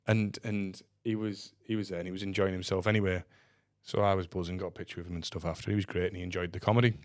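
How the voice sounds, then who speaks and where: Rambling comedian, dry mic. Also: male voice, deep voice, flat delivery, fast, dry recording. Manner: rambling, self-mocking, full of "like" and restarts. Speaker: comedian and podcast co-host. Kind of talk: casual storytelling chat.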